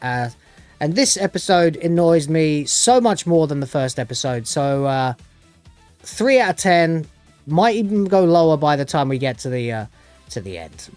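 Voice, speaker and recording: A man's voice: a little high, very animated, moderate pace, darkish tone, clear, resonant tone, no room sound, soft background music. A man giving a casual, rambling TV review, sarcastic and sweary with lots of restarts.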